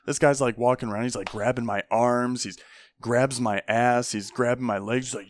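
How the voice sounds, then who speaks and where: With a medium-pitched voice at a moderate pace, a young army veteran spins casual stories. He's animated, voices the people he quotes, and swears often.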